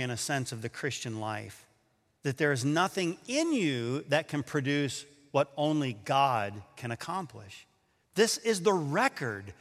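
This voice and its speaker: A man preaching a sermon, telling a story and acting out the quotes with lively energy. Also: on the high side, big-room sound. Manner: animated storyteller, acts out quotes. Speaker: pastor.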